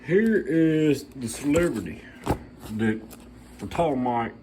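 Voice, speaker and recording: A middle-aged man with a drawl rambles in a blunt, folksy way to his channel's viewers. His voice is mellow and dark, with a faint hum of room sound behind him in his shop. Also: medium pitch, lively intonation, slow pace, low-quality recording. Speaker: channel host. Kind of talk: casual talk to camera.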